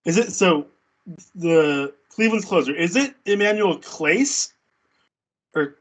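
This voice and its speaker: A man's voice: high-pitched, moderate pace, low-quality recording. Laid-back man chatting baseball. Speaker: co-host of a baseball watch-party stream. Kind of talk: casual chat.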